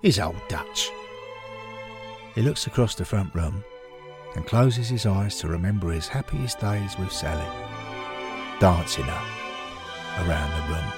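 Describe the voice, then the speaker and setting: Low expressive male storyteller. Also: slow, long pauses, music in the background. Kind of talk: scripted narration.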